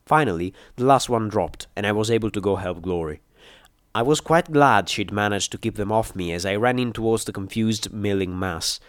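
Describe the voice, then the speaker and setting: Male storyteller, steady measured read, lowish voice, dry close recording. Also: clean tone, no room sound. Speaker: audiobook narrator. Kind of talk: first-person story narration.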